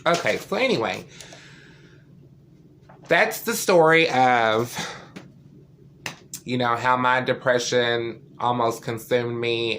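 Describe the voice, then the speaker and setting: A man's voice: mid-range voice, vocal fry, sharp tone, slight background noise. A man talking to camera in a vlog, earnest and candid, with a loose conversational way of speaking. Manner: loose and conversational, with many fillers. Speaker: vlogger. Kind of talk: personal story to camera.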